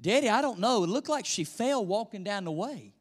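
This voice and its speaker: A man voicing his young schoolgirl daughter, rushed and earnest, as he retells her story in an echoey hall. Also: high voice, expressive, pitched above the performer's own voice. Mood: alarmed.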